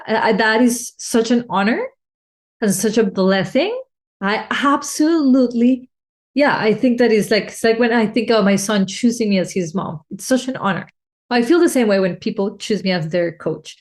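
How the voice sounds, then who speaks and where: Talking heartfeltly about personal needs and connection, a woman life coach hosts a reflective solo podcast and frequently restarts her phrases. She has a medium-pitched, slightly mellow voice and a moderate pace.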